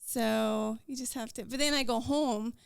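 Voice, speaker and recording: A woman with a Scottish accent, a podcast guest talking earnestly and quickly about her faith and daily life. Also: on the high side, fairly even intonation, vocal fry, clear, resonant tone, no room sound, clean studio sound. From Scotland. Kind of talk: casual interview chat.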